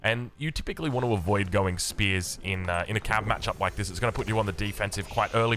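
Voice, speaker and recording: A young Australian man casting a strategy game match in upbeat, chatty play-by-play, his voice a little rough from the early morning. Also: lowish voice, sharp tone. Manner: upbeat, chatty, with casual fillers. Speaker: game caster. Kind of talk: esports play-by-play commentary.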